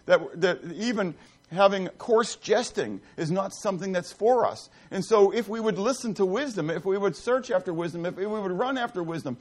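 A man preaching in church in an easygoing, talkative way, throwing questions to his listeners and wandering into asides before finding his thread again. His voice sits high and swings widely in pitch. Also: animated, normal speed. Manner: conversational, asks the congregation questions, many asides and restarts. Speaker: pastor. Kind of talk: sermon.

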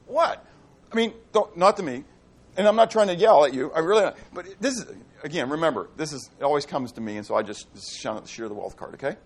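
Male pastor, high voice, animated sermon delivery with rhetorical repetition. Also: a little fast.

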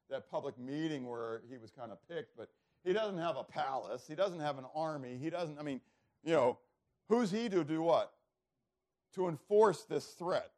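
Guy preaching, kinda high voice, asks the crowd questions, goes loud then real quiet. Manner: rhetorical questions to the congregation, swings from loud to hushed. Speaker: pastor. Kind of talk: sermon.

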